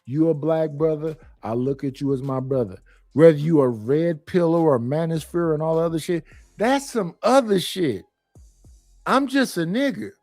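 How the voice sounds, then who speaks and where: A middle-aged man with a notably high voice speaks bluntly on a panel, cursing freely and rambling through stops and restarts. The sound is dry and close, with faint music underneath. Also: normal speed, darkish tone, no echo. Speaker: panel guest. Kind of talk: casual opinion talk.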